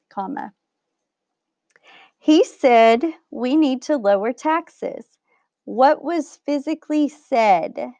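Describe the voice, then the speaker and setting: Woman teacher, fairly high, patient explainer; dry, close, slightly muffled recording. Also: a little mellow, dry recording. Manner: patient, explains step by step, checks with "right?". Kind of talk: recorded grammar lesson.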